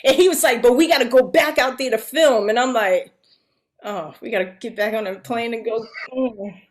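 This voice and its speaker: A middle-aged guest actress tells a story in a casual, lively way, often laughing and imitating other people's voices. Her voice sits on the high side, and she speaks at a moderate pace.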